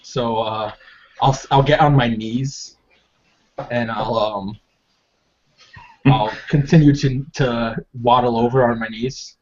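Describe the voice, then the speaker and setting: A man's voice: mid-range voice, fairly even intonation, slow pace, pauses often. A man playing a tabletop game, speaking in a hesitant, stop-start way with fillers, over a video call. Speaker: player. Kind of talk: casual tabletop game play. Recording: dull lo-fi call audio.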